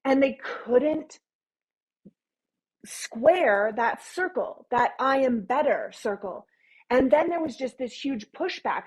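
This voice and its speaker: A woman speaks with a slightly raised pitch and a husky, breathy edge. She talks as an interview guest, emphatic and opinionated, building her points in long runs. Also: lively intonation, slow, rough recording. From Canada. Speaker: podcast guest. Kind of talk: casual interview talk.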